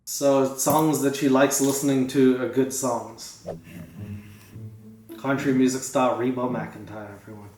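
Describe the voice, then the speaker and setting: A man doing sarcastic comedy reaction commentary, exasperated and jumping into loud outbursts. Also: medium pitch, level tone, a little slow, roomy sound, distant mic, faint music behind. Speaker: comedy YouTuber reacting to a masterclass.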